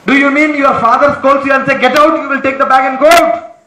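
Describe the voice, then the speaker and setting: A man's voice: very high-pitched, level tone, quick pace, pushed and bright. A man lecturing students in a classroom, stern and commanding, scolding them and repeating his orders. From India. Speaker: motivational trainer. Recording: echoey room.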